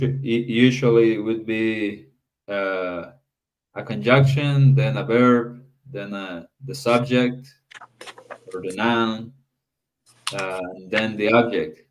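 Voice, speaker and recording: Man, low voice, slow, hesitant, fillers, teaching grammar. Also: a little mellow, low-quality recording. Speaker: Greek instructor. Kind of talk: classroom discussion.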